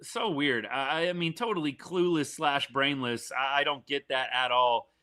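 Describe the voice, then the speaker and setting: A man's voice: mid-range voice, measured pace. A man hosting a live reaction stream for a college football game, talking casually and animatedly, with frequent restarts. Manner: animated, fan-partisan commentary with frequent restarts.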